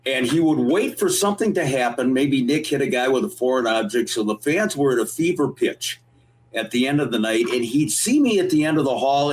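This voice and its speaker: A man co-hosting a podcast, telling stories with a lively, animated delivery. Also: mid-range voice, fairly quick, rough recording. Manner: lively, animated anecdote teller. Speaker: podcast co-host. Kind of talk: storytelling chat.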